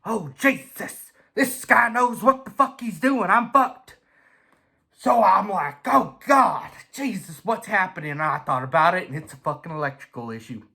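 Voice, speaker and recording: Bright-voiced guy telling a cussing-filled drag race story, goes from low mumbles to loud shouty impressions. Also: normal speed, vocal fry, breathy edge. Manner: animated, profane, comic imitations and shouts. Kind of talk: profane storytelling monologue.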